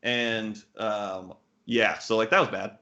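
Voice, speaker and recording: A man's voice: fairly low pitch, steady tone, slow, bright, forceful tone. A man in his thirties, a poker coach, answering interview questions bluntly, swearing casually and full of fillers and restarts. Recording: muffled lo-fi audio.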